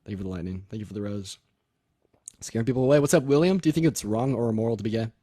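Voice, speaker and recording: A man's voice: fairly low pitch, rapid-fire, warm tone, breathy edge, no room sound, studio quality. A nineteen-year-old man hosting a livestream debate, chatting casually, thanking viewers and laughing often. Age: young adult.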